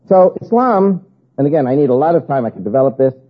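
An older man from the United States giving an emphatic preaching talk to an audience, with a husky voice and hammering, repeated lists. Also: medium pitch, very fast. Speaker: guest speaker. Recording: tinny phone-like recording.

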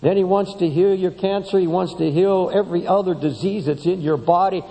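A man preaching a sermon to a congregation, impassioned and emphatic, often rising high as he drives a point home. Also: steady tone, a little fast, warm tone. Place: large church sanctuary. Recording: long hall reverb in a church.

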